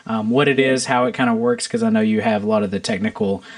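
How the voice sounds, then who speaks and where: Male podcast host, relaxed interviewer, middle pitch. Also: quick pace, vocal fry. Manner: relaxed, steers the talk with questions.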